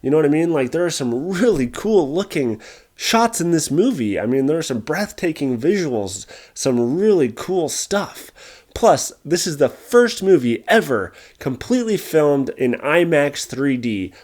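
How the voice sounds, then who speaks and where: A man's voice: fairly high pitch, normal speed. A young man giving a casual spoken movie review, exasperated, rambling, and swearing often. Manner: animated, rambling with restarts.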